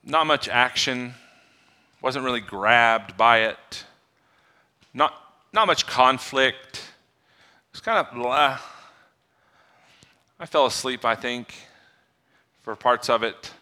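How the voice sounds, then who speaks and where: A man, a pastor, preaching a sermon in a conversational way that builds to loud, excited delivery. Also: mid-range voice, slow, long pauses.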